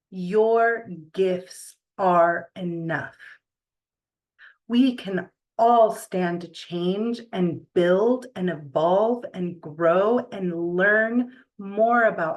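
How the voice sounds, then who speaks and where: A middle-aged woman giving a reflective motivational talk, earnest and deliberate, with pauses between phrases. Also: mid-range voice, low-quality recording.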